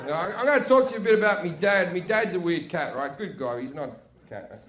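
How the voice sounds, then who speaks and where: A brash Australian man on stage, telling filthy stories with a loud, high-pitched delivery. His voice rings out through an echoey live venue with plenty of background noise. He is middle-aged and swears freely as he works the crowd. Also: expressive, fairly quick. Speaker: stand-up comedian. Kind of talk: stand-up comedy set. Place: comedy stage before a live audience.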